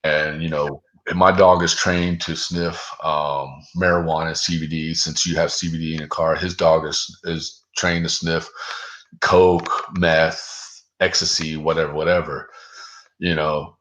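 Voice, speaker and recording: A man's voice: a bass voice, flat delivery, unhurried, a bit bright. A man, the guest on an interview show, telling a long story in a loose, profane way, full of 'dude' and 'like'. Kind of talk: casual storytelling.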